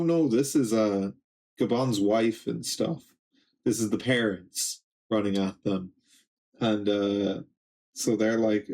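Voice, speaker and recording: A young man streaming a live reaction, reading a comic aloud and reading its dialogue in his plain voice, in a casual, halting way. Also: fairly low pitch, fairly even intonation, vocal fry, darkish tone.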